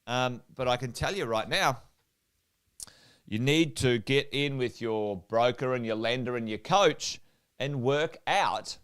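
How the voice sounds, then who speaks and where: A man's voice: medium pitch, measured pace, clear, resonant tone. A middle-aged Australian man, an investment coach, talking energetically to a livestream audience, repeating points and quizzing viewers. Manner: energetic, repeats himself, asks viewers questions. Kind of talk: whiteboard livestream talk.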